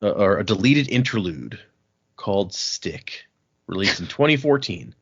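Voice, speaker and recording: A man hosting a podcast, recapping chapters in a casual, animated way with frequent laughs and restarts. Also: lowish voice, a little slow, slightly rough. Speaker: podcast host recapping a book. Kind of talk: casual book-club chat. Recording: dull lo-fi podcast audio.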